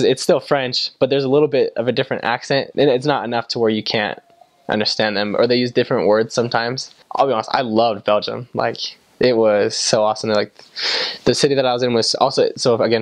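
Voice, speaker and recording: A man's voice: medium pitch, no echo. A young man from the United States telling stories in a casual, chatty way, full of "like" fillers. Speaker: vlogger recalling time abroad. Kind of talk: casual storytelling to camera.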